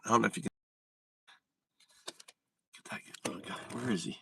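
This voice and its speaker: A man chatting casually on a live stream in an excitable way, swearing and restarting his sentences. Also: on the low side, moderate pace, gravelly, pauses often, recorded from a distance, slight background noise, poor audio. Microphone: phone.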